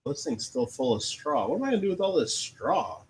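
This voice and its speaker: A man chatting in a relaxed, hesitant way while playing a game on a live stream, often laughing and trailing off. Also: on the high side, brisk, a little hiss or hum. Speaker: streamer and chat moderator. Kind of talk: casual stream chat while gaming.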